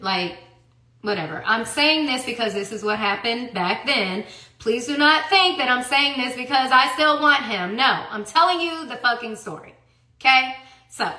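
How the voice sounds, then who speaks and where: A woman telling a personal story in a casual tell-all monologue, emphatic and profane, swinging between hushed and loud. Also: mid-range voice, echoey room. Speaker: storyteller recounting personal events.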